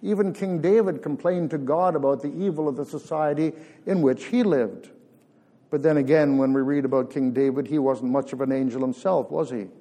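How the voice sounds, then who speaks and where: A man preaching a sermon in church, earnest and measured with emphatic pauses. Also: fairly high pitch, mellow. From Canada.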